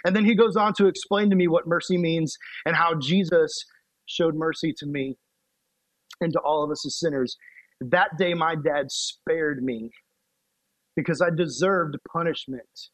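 Young guy preaching, animated and playful, slightly high voice, dry close sound. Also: unhurried, no room sound, poor audio. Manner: animated, playful storytelling with laughs. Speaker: youth pastor. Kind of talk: storytelling sermon.

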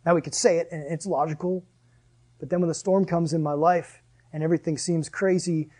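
A man with a high voice preaches a sermon as a pastor. He is animated and jokey, laughing between points. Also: moderate pace.

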